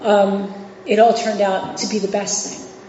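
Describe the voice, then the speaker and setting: A woman's voice: medium pitch, level tone, measured pace, dark tone, slight background noise. Candid woman speaking in an echoey hall. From New York City and Virginia. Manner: candid, conversational, with frequent fillers and restarts. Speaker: guest speaker at a recovery meeting. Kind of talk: personal recovery share. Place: meeting hall. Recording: echoey hall, dull lo-fi sound.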